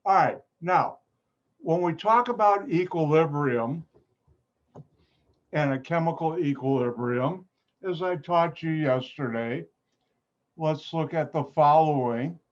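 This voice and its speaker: A male chemistry teacher with a Chicago accent, slightly higher-pitched than most men. He lectures over a video call in a playful, joking way, and his voice yelps upward on sudden exclamations. The audio is a bit muffled and dull. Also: takes it slowly, long pauses. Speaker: chemistry lab instructor. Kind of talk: online class lecture.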